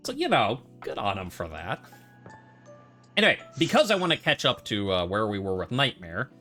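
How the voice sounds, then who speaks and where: Bright, rambling male game streamer. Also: fairly low pitch, wildly swooping pitch, normal speed, faint music behind. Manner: rambling, jokey, full of restarts. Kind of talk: casual let's-play commentary.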